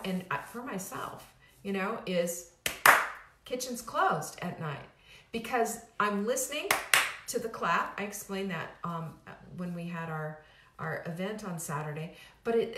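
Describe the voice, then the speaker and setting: A middle-aged woman who hosts her own weight-loss program gives an emphatic, casual motivational talk, often restarting sentences and repeating phrases for effect. Her ordinary-pitched, slightly bright voice rings with a roomy echo.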